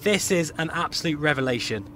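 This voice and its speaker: A man, a flight sim vlogger gushing with excitement as he reviews a VR headset. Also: on the high side, fairly quick, soft background music. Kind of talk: enthusiastic product review vlog.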